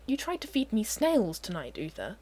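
A woman voicing an easygoing young man who teases and gets flustered, his lines pitched a little higher than her narration. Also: huge pitch swings, moderate pace, darkish tone. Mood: wry.

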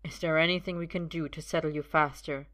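Storybook role: woman reader doing a fussy, self-assured young man, lowish bright voice, protective. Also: fairly even intonation, fairly quick. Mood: concerned. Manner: concerned, grim and a touch lofty. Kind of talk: audiobook reading.

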